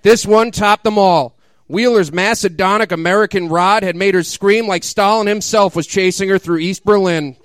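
Man, comic reading aloud, mock dramatic, laughing asides, high clear smooth voice, dry close mic. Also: moderate pace, no room sound. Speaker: comedic reader.

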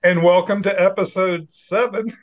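A man's voice: high voice, fairly even intonation, normal speed, muffled recording. A man co-hosting a casual podcast over a video call, wry and profane, laughing often. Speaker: podcast co-host. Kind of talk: casual chat.

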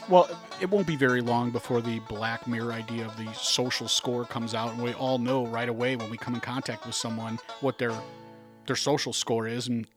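A man co-hosting a podcast in casual chat, wry and argumentative, with quick asides. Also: mid-range voice, steady tone, over music. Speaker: podcast co-host.

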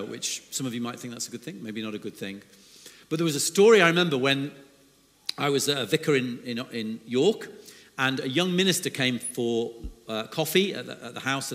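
Middle-aged male guest preacher, forceful bright tone, easygoing jokey sermon delivery, long echoing church acoustic. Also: medium pitch. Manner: chatty, with self-deprecating jokes. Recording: long hall reverb in a church.

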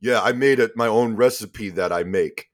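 A man's voice: fairly low pitch, normal speed, lightly acted. A man voicing a boorish tavern owner who boasts and trades insults in a comedy sketch. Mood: mocking. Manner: laughs at own insults, boastful. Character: boorish male tavern owner, brash and mocking.

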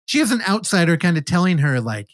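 A man's voice: sits high, sing-song, fast, dry recording, clean studio sound. A man co-hosting a casual podcast, rambling and joking as he retells a film and acts out the characters' lines. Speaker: podcast co-host.

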